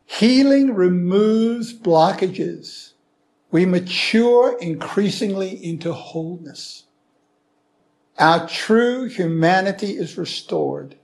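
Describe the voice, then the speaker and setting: A man giving an earnest, prayerful sermon-style teaching, asking rhetorical questions. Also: high voice. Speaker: Christian teacher.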